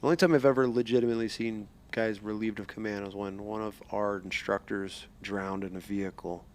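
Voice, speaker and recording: A middle-aged man hosts a podcast in a loose, casual way. His voice sits fairly low, and his talk rambles, swears freely, and starts over often. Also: steady tone, brisk. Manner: rambling, profane storytelling with restarts. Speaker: podcast host. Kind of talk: casual interview chat.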